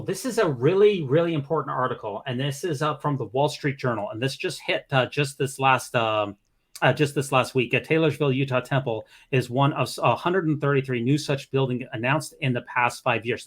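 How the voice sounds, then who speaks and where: A man's voice: medium pitch, a bit bright. A man hosting a podcast, reading news articles aloud with casual commentary, often stumbling and repeating words. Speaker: podcast host.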